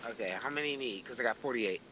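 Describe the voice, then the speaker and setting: A man streaming a game, chatting casually and spinning animated stories with swearing and laughter. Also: medium pitch, racing, very noisy. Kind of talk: casual gaming chat. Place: home.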